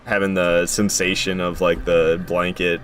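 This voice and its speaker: A man casually chatting through a game stream, excitable and prone to swearing, swinging from mumbles to loud outbursts, recorded in a room at home. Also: low voice, a little slow, faint music behind. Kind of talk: casual gameplay commentary.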